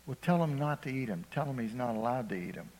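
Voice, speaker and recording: A man's voice: medium pitch, animated, fast talker, darkish tone. Preacher man, echoing church hall. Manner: emphatic, asks the congregation "Amen?" often, acts out quoted speakers. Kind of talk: sermon. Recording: long reverb of a large hall.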